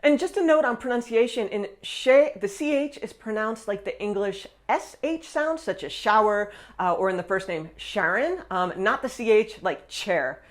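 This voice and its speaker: A woman's voice: mid-range voice, expressive, normal speed, few pauses. A woman giving a casual, upbeat video lesson as a French teacher, counting down tips with frequent "all right".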